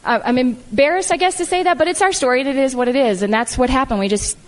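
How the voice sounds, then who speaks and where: A middle-aged woman telling her personal story to an audience, animated and emphatic, acting out the lines she quotes. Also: high-pitched, quick pace, slight background noise. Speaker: guest speaker. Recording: long hall reverb.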